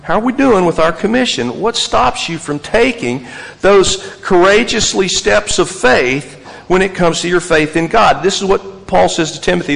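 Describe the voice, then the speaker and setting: A man's voice: high voice, moderate pace, gravelly. Male pastor preaching in a hall. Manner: animated storytelling, repetitive emphatic lists. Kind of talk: sermon.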